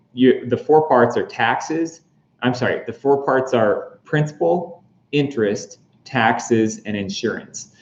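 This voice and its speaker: A man talks through a casual explainer in a chatty, relaxed way, full of ums and jokey asides. His voice sits at an ordinary middle pitch. The recording sounds roomy and a little dull. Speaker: real estate explainer host.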